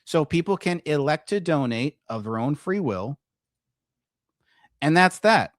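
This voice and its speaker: A man's voice: a little high, lively intonation, a little slow, no room sound, studio quality. A man hosting a livestream commentary show, ranting profanely and combatively at viewers in his chat.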